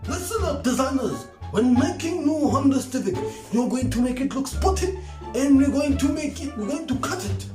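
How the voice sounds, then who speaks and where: Man putting on a bossy, high-pitched car company boss with a Japanese accent. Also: lively intonation, moderate pace. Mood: commanding. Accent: put-on Japanese accent. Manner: clipped, repetitive commands. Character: bossy greedy male car company executive. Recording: roomy echo with music behind.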